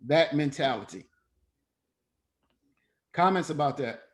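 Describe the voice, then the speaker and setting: A man leading a parenting class over an online call, talking informally, animated and profane, and slipping into other voices for quotes. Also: fairly high pitch, slow. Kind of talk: informal coaching talk.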